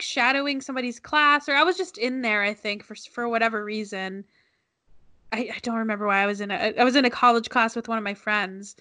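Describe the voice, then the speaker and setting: Bright, chatty young woman co-host. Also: fairly high pitch. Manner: chatty, laughs often, rambling restarts. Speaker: podcast co-host. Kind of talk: casual chat.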